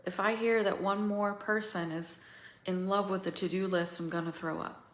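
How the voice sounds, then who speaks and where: A woman coaching other women through a feeling practice, slow and pausing, candid and swearing now and then. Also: medium pitch, fairly even intonation, reverberant. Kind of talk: guided emotional coaching talk.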